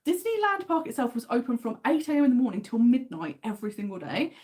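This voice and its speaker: Brief: English woman, livestream host, chatty and enthusiastic, slightly high voice. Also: animated, quick pace, a little mellow. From England. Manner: chatty, enthusiastic, reads out viewer comments. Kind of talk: casual livestream chat.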